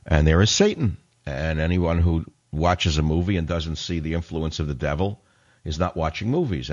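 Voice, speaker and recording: A man's voice: low-pitched, highs cut off. A male radio talk show host delivering an indignant, sarcastic monologue in a combative style.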